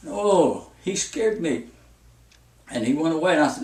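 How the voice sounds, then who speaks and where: Man, folksy preacher, storytelling sermon, slightly high voice, echoey room, far from the mic. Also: animated, measured pace, long pauses, darkish tone. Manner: folksy, repetitive warnings with anecdotes.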